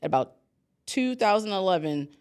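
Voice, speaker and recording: A woman's voice: medium pitch, expressive, moderate pace, clear, resonant tone. A woman from Baltimore, a guest on a podcast, speaking candidly and a little nervously. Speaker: guest photographer. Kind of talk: casual interview.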